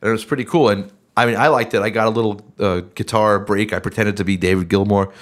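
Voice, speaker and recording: Low-voiced rambling man on a podcast. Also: fairly even intonation, fast. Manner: rambling, self-interrupting storyteller. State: sick, voice a bit worn. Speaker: band member and podcast host. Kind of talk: casual chat.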